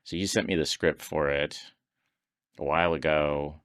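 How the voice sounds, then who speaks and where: A man's voice: rumbling low, steady tone, normal speed, fairly bright tone, smooth, no room sound, clean studio sound. A man on a podcast telling stories in casual conversation, laughing often and acting out the voices of people he quotes. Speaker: podcast guest.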